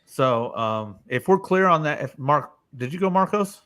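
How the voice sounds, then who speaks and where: A man's voice: fairly high pitch, animated, moderate pace, fairly bright tone. A man hosting a casual live-stream panel discussion, loose and swearing freely, calling on each panelist by name.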